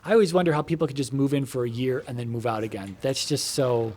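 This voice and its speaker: A man speaks from his home computer room as he plays, voice pitched in an ordinary middle range. His talk wanders, full of fillers and restarts and casual swearing, with quick asides to the game in front of him. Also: darkish tone. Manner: meandering, filler-heavy, swears casually, breaks off to comment on the game. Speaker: gamer talking to viewers while playing. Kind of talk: casual rambling chat while gaming.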